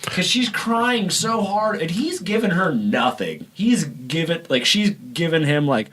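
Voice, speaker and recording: A man's voice: a little high, sing-song, measured pace, a bit bright. A man hosting a casual podcast chat, ranting with exasperation and plenty of swearing. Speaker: podcast host.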